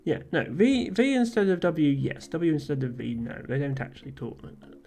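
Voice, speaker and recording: A woman's voice: low voice, sing-song, moderate pace, hardly any pauses, dark tone, soft background music. Laughing woman streamer playing a game. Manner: casual, laughs often, reads game text aloud.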